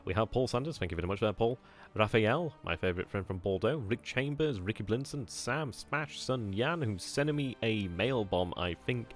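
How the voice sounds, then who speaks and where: Low-voiced, chatty gaming channel host. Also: male voice, animated, normal speed, faint music behind. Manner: chatty, easily amused, informal swearing. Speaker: strategy game channel host. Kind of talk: casual video outro chat.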